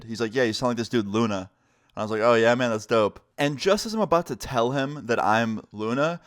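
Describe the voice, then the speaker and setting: A man's voice: mid-range voice, no echo, studio quality. A young man from New York telling a personal story casually on camera, full of slang and quoted dialogue. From United States, New York. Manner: relaxed, slangy, acts out quotes in his own voice.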